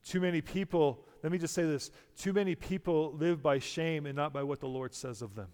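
A man's voice: fairly high pitch, a little fast, a little mellow, clear, resonant tone. Man preaching in a reverberant hall. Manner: emphatic preaching with rhetorical questions. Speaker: pastor. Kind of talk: sermon.

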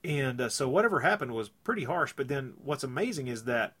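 A man's voice: medium pitch, sing-song, fairly quick, bright, forceful tone, breathy edge. A man chatting casually about a film, retelling scenes in a rambling way. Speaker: film discussion co-host.

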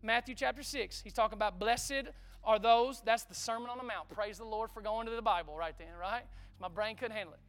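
High, bright-voiced preacher. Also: male voice, fast, hardly any pauses, soft background music. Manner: lively preaching with call-and-response asides. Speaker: pastor. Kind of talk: sermon.

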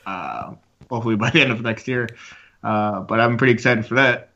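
A man's voice: medium pitch, fairly quick, pushed and bright, lo-fi sound. A man co-hosting a casual video game podcast, rambling with lots of fillers and laughs. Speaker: podcast co-host. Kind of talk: casual chat.

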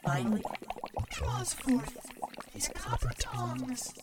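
A woman's voice: high-pitched, slow, heavy background noise, exaggerated voice. An actress playing a woman eagerly telling a fairy-tale story. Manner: animated storyteller.

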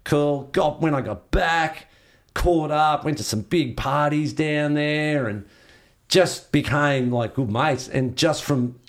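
A man's voice: on the high side, slow pace. Laid-back older Australian man telling stories. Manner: rambling, laid-back, swears freely, acts out quoted dialogue. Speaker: interviewee, surfer. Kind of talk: casual storytelling.

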